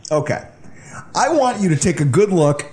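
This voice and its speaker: A man in his thirties from the Buffalo, New York area co-hosts a podcast, telling a funny story casually and laughing along. His voice is a little high and a little mellow, animated, at a moderate pace.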